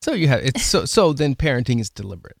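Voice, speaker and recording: A man hosting a casual interview, thoughtful and halting, often repeating words as he works out a point. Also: medium pitch, big pitch swings, vocal fry, no room sound, studio quality. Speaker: podcast host.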